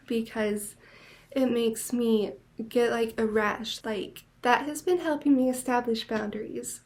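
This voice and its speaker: Chatty young woman, slightly high voice. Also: darkish tone. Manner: chatty, many "like" fillers, gushing. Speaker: podcast host. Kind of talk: casual monologue.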